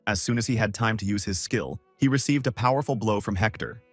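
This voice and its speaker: A man narrating a story recap from a script in a steady storytelling manner. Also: on the low side, brisk, slightly rough, no room sound. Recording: dry close voice over soft music.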